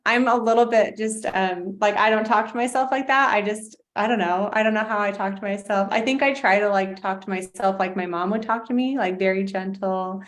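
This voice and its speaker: A woman hosting an interview, speaking in a gentle, thoughtful way with halting restarts. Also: medium pitch, fairly even intonation. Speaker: podcast host. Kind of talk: casual interview chat.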